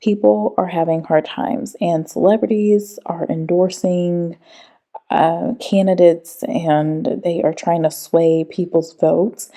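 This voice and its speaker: A woman hosting a commentary video, talking through clips in a measured, reasoning way with some hesitations. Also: fairly low pitch, mellow. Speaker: commentary host. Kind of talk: casual commentary.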